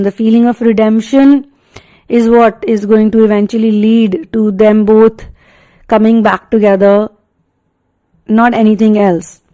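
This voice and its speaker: A woman with an Indian English accent, working as a tarot and energy reader, gives a spiritual reading. Her voice sits on the high side with a warm tone, and she speaks earnestly and repetitively, full of fillers and emphatic restatements. The recording is rough.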